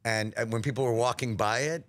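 A man from New York, a voice actor guest telling animated stories in a casual interview, slipping into impressions. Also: mid-range voice, fairly quick, a little hiss or hum. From New York, USA. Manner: animated storyteller, slips into impressions.

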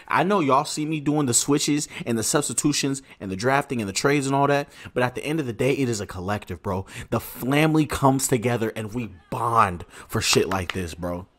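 A man streaming a football video game, giving excitable, slangy live commentary and talking to his viewers. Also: mid-range voice, brisk, few pauses. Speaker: gaming streamer. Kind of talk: casual live gameplay commentary.

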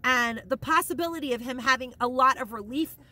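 High bright-voiced lady gushing over her haul, rambly and kinda teary. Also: fairly quick. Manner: emotional, close to tears. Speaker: haul vlogger. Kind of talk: casual shopping haul vlog.

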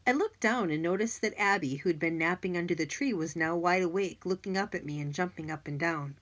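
A woman narrating a children's audiobook in an expressive, lively way. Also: on the low side, fairly quick. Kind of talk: scripted narration.

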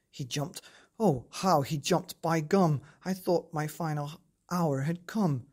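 A woman reading a rhyming bedtime story aloud in a lively, expressive way. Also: deep voice, slow pace, breathy edge.

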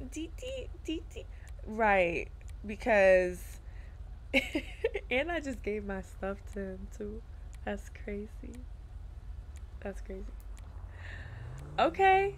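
A woman streaming a game and talking to her viewers in casual slang, laughing often. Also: fairly high pitch. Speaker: gaming streamer.

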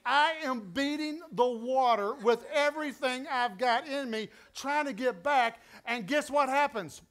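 Man, West Texas accent, pastor, storytelling sermon, animated and emphatic, strikingly high-pitched.

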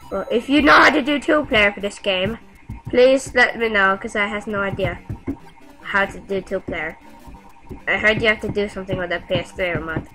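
A woman giving casual gameplay commentary, excitable and talking back to the game with frequent yelps and exclamations. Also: mid-range voice, rough recording. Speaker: gamer.

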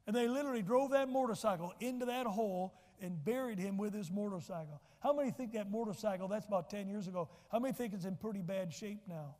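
A man's voice: high voice, fast, few pauses, a little mellow, long reverb tail. A man preaching a sermon as pastor, telling personal stories and building to emphatic lines. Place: church sanctuary.

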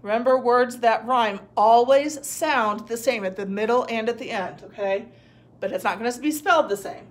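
A woman's voice: on the high side, normal speed. A woman teacher giving a recorded phonics lesson to young children, patiently sounding out words and praising answers.

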